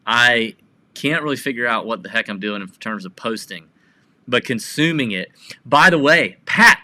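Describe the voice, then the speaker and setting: A man co-hosting a casual podcast, telling rambling stories with excitement. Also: mid-range voice, normal speed. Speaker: podcast co-host.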